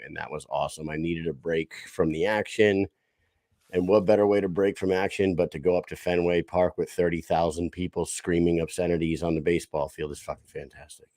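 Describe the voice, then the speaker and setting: A man, co-hosting a casual podcast and telling stories in a loud, profane, animated way. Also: low voice, dry recording, clean studio sound. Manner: boisterous, swears freely, animated storytelling. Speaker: podcast co-host.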